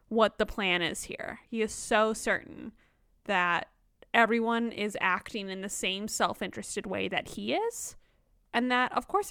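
A woman's voice: mid-range voice, pushed and bright, clear, resonant tone, no echo, clean studio sound. A woman co-hosting a casual book discussion podcast, reading quotes aloud and playfully mimicking characters. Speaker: podcast co-host.

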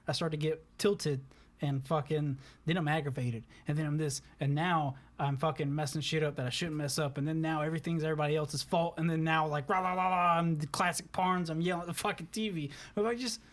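Animated young man telling game stories. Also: fairly high pitch. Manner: animated, laughing, swearing, acts out quotes. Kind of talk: casual storytelling chat.

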